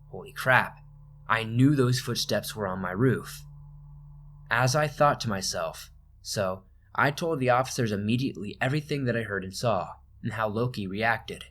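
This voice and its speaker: A man reading a first-person horror story aloud in a calm, steady narration. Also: on the low side.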